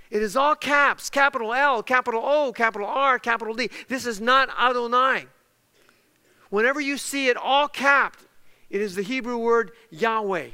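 A male preacher delivers an emphatic teaching sermon. He spells out words and drives home key terms again and again. His high, bright voice rings out in a large hall with a long reverb. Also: smooth.

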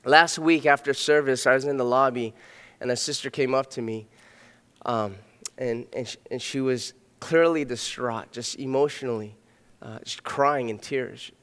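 Earnest pastor preaching in a reverberant hall. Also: male voice, mid-range voice, normal speed, smooth. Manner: earnest, swings between loud emphatic and soft hushed delivery. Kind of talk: sermon. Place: church sanctuary.

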